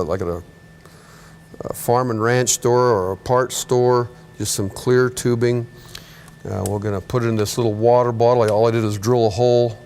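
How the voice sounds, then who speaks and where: A middle-aged man teaching an automotive class while working on a car in a repair shop, chatty and relaxed, often correcting himself. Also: mid-range voice, a little hiss or hum. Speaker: automotive instructor. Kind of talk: hands-on workshop demonstration.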